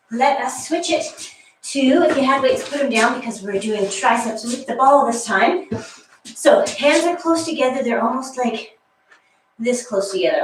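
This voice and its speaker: A fitness instructor with a fairly high-pitched voice leads a guided workout class, counting reps between chatty asides and sounding slightly out of breath. She's in an exercise room with a wall, recorded from a distance in an echoey space with slight background noise.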